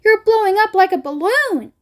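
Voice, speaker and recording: A woman's voice: very high voice, expressive, normal speed, pitched above the performer's own voice. A woman reading a storybook aloud, voicing a doting mother who screeches and panics. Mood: panicked. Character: shrieking, doting middle-aged mother.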